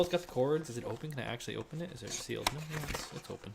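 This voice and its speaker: A young man chats casually while working through his resale listings. His voice sits at an ordinary middle pitch, relaxed, with lines that often trail off quietly. He is recorded at home on a stream mic with clear background noise. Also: racing. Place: living room at home.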